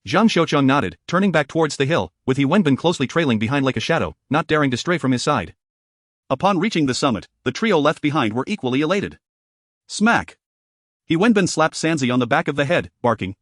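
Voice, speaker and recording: Brisk man narrating an audiobook. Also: on the high side, expressive, no room sound, studio quality.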